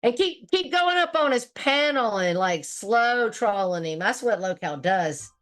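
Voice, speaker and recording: A woman's voice: fairly high pitch, lively intonation, a little slow, a bit bright. A woman hosting a casual livestream, reading viewer comments aloud and reacting bluntly with plenty of swearing. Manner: blunt and profane, laughs often. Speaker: livestream host.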